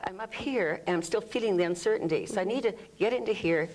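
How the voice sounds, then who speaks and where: Speaking fast in a medium-pitched, darkish voice, a woman walks an interviewer through an energy healing technique. She illustrates it with groans, sighs and vocal sounds, in a room lit by studio lights.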